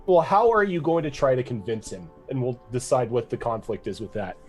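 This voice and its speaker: A man's voice: mid-range voice, very animated, fairly quick, soft background music. Casual game master, a man with an average voice, narrating the scene. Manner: casual, with many "like" fillers.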